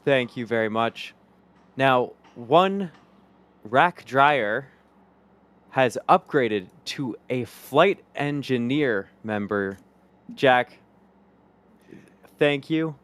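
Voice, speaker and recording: A man's voice: medium pitch, animated, extremely slow, long pauses, a bit bright, clean tone. A man hosting a livestream, reading out viewer messages and thanking supporters in an upbeat way. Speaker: livestream host. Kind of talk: live-stream hosting, reading super chats.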